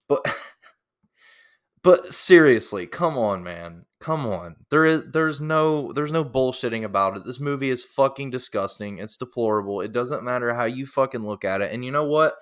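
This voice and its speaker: A man's voice: mid-range voice, animated, moderate pace, a bit bright, smooth. A man delivering an angry, profane reaction rant, repeating himself as he works himself up. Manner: heated, profane and repetitive. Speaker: reaction commentator.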